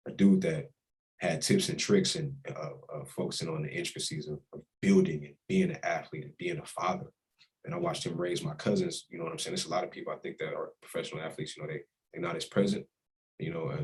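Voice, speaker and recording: In a casual interview, a young college quarterback talks as a guest in a heartfelt, reflective way, full of emotion. His voice sits low and is a little mellow. The audio is poor.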